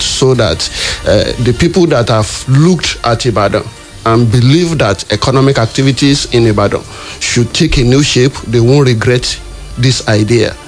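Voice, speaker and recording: Earnest male radio guest. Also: mid-range voice. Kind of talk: radio discussion.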